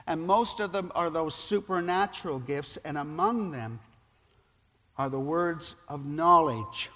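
A male pastor preaching a sermon as an animated storyteller, his loudness rising and falling with the story. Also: on the high side, a little slow. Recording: long reverb of a large hall.

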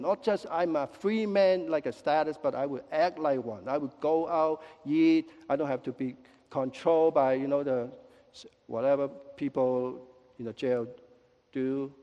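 A male pastor preaches with a slightly high, soft and mellow voice. He teases his congregation with jokes and quick apologies. His words ring out with the long reverb of a large church hall. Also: highs cut off. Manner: lively, with joking asides and quick apologies. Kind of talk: sermon. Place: church sanctuary.

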